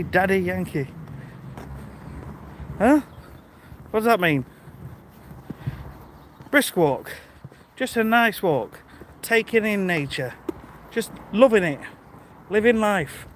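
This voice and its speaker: A man's voice: sits high, a bit bright, slight background noise. A British man live-streaming as he walks outdoors, chatting casually and greeting viewers by name, recorded on a handheld phone. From Britain. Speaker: livestreamer. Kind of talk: casual live-stream chat while walking. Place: outdoors on a rural walk.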